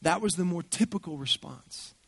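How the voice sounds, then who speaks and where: A man speaking at a church gathering, telling a story in an animated way and acting out the people he quotes. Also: on the high side, normal speed, husky, no room sound. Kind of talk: storytelling talk.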